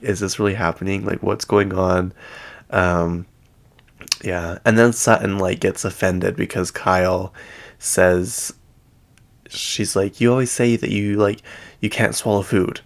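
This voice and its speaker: A man hosting a gossip recap from home, chatty and rambling, full of "like". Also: fairly low pitch. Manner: chatty, rambling, heavy use of "like". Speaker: gossip show host. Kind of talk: casual reality-TV gossip recap.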